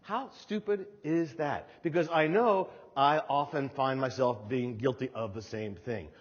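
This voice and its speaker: A man's voice: mid-range voice, measured pace. An older man giving a motivational keynote speech, telling stories with emphatic repetition. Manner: animated storytelling, emphatic repetition. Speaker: keynote speaker. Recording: dull sound with long hall reverb.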